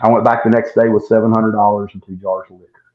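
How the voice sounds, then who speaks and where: A man's voice: on the low side, flat delivery, fast talker. A man telling a long story in casual chat, full of "I was like" asides, as a guest distiller. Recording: dull lo-fi sound.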